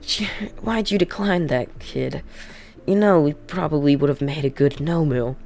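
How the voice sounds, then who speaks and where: A woman voicing a calm, formal male bar keeper who speaks politely. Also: sits low, measured pace, slight background noise. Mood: puzzled.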